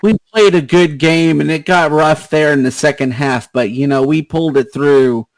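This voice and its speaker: A man's voice: fairly high pitch, steady tone, moderate pace, no echo, poor audio. A man, co-host of a podcast, telling a long story in casual chat, rambling and swearing with lots of fillers.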